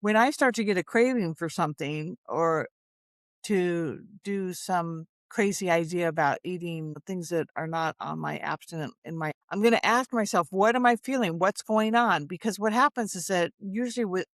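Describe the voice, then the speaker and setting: A woman's voice: on the low side, normal speed, no echo, studio quality. A woman hosting a candid talk, speaking earnestly and openly about her feelings. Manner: earnest, open, reflective, emotional. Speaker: show host in recovery. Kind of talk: candid conversation.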